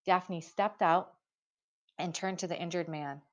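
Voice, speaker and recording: Woman narrating a storybook, low voice. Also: steady tone, a little slow. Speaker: audiobook narrator. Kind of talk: scripted narration. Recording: dull lo-fi recording.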